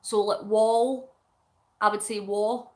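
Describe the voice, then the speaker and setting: A woman's voice: fairly high pitch, a little slow, fairly bright tone. A Scottish woman from Scotland, a vlogger chatting casually with her viewers, explaining things playfully and giggling often. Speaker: vlogger reading viewer comments.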